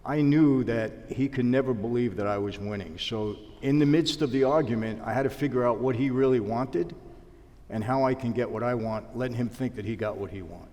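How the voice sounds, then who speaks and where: A man's voice: mid-range voice, a little fast, big-room sound, muffled recording. A man telling stories in a sit-down interview, acting out the dialogue. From New York. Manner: animated storyteller acting out dialogue. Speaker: interview guest, former mobster.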